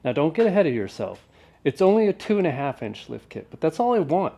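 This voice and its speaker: A man's voice: a little high, sing-song, fast talker, vocal fry, warm tone, breathy edge. A man talking casually and wryly to the camera while working on an old truck in a garage vlog. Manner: laid-back and wry, with offhand jokes.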